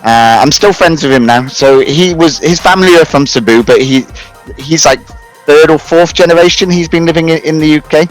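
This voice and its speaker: A man's voice: fairly high pitch, moderate pace, faint music behind, low-quality recording. A British man in his thirties, a talk-show guest telling his career story in a rambling way, full of restarts and self-mocking laughs. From United Kingdom. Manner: rambling, many restarts and fillers, laughs at himself. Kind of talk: casual conversational storytelling.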